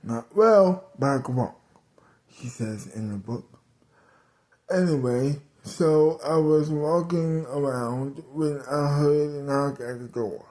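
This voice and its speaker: A man narrating an improvised serial story, halting often and restarting sentences. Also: medium pitch, dark tone. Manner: halting, many fillers and restarts.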